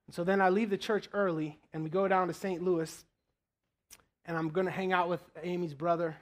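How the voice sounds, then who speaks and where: Animated man preaching his testimony. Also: moderate pace. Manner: animated storytelling, drops low and quiet in prayer. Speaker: guest preacher. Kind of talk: sermon testimony. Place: church sanctuary.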